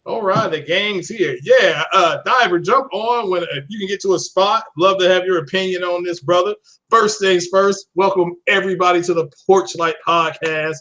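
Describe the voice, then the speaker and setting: Man hosting a casual gaming podcast; upbeat, shout-out-heavy, fairly high voice, dull lo-fi stream sound. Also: normal speed. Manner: upbeat, repeats shout-outs and greetings. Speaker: podcast host. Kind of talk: casual live-stream chat. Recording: muffled lo-fi stream audio.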